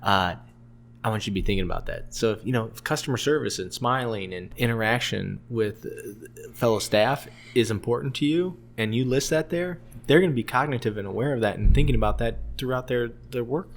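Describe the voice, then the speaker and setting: A man's voice: mid-range voice, animated, a little fast, vocal fry, a little hiss or hum. A man co-hosting a restaurant podcast in casual chat, agreeable and often backing others up. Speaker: podcast co-host.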